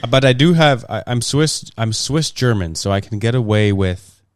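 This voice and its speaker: A man with a Toronto accent, hosting a casual podcast chat in a jokey, relaxed way with plenty of fillers. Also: mid-range voice, normal speed, no room sound, studio quality. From Montreal, Canada. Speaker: podcast host.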